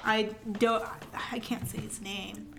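A young woman telling school stories in casual chat, giggly and animated, with lots of fillers. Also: medium pitch, slow pace, vocal fry, background noise. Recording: echoey room.

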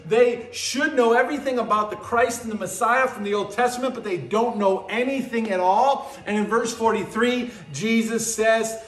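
A man preaching a sermon, teaching verse by verse with emphatic rises and low, quiet drops. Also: roomy sound.

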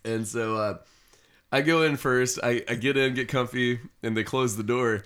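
A man's voice: medium pitch, normal speed, fairly bright tone, smooth. A man co-hosting a casual podcast, joking and telling a tour story. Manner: wry, joking interjections. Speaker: podcast co-host.

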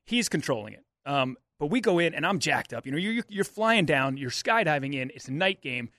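A man co-hosting sports radio, telling a story with excitement and acting out what people said, in a studio. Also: fairly high pitch, fairly quick, dry recording. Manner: excitable storyteller, lots of restarts and acted-out quotes. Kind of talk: animated storytelling on a radio show.

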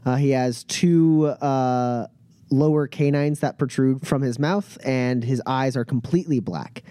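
A man narrating as game master of a tabletop role-playing game, describing scenes with many filler pauses. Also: mid-range voice, warm tone, clean tone, dry recording, clean studio sound.

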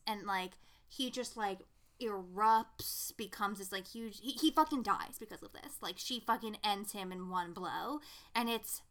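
A young woman co-hosting a podcast, chatting casually in an animated, profane way, full of "like.". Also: medium pitch, measured pace. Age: young adult. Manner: animated, profane, heavy use of "like". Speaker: podcast co-host. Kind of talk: casual chat.

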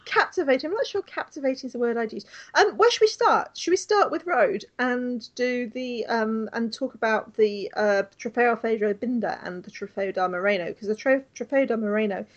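Casting note: woman podcast co-host, bubbly, giggly, teasing, a touch high. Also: normal speed, hardly any pauses, highs cut off. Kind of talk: casual chat.

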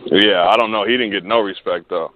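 A man in casual chat, slangy and quick to laugh, with a lowish voice. His words come through a thin, phone-like line with a faint hiss underneath. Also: steady tone. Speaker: podcast co-host. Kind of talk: casual chat about battle rap.

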